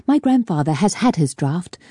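A woman's voice: on the low side, sing-song, normal speed, mellow, slightly rough, dry recording, studio quality. A woman voicing a genteel young lady passenger who speaks in a poised, well-spoken way. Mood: hushed.

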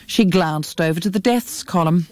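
A woman narrating a novel in a measured, expressive reading. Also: lowish voice. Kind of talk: audiobook narration.

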